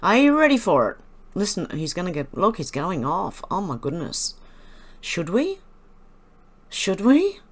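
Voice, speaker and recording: A woman's voice: fairly low pitch, very animated, normal speed. A woman from Australia hosting reaction commentary, chatty, wry and a little condescending. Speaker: commentary channel host.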